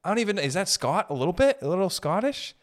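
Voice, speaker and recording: A young man doing a casual comedic monologue, rambling and joking with swerving pitch and pace. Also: big pitch swings, fast talker. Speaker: comedian host.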